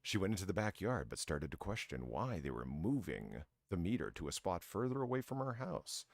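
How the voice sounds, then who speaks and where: A man's voice: low-pitched, big pitch swings, fairly quick, vocal fry, no echo, clean studio sound. A man hosting an online comedy game show, rambling through stories and laughing at his own jokes while swearing freely. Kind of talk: casual comedic chat.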